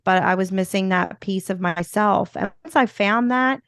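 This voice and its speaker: A woman with a Philadelphia accent talks in a smooth, resonant voice, upbeat and rambling, with plenty of "you know" fillers. She sits as a guest in a relaxed interview chat. The sound is close and dry, with no room around it. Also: mid-range voice, moderate pace, dry recording. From Philadelphia, USA. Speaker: podcast guest, motivational speaker.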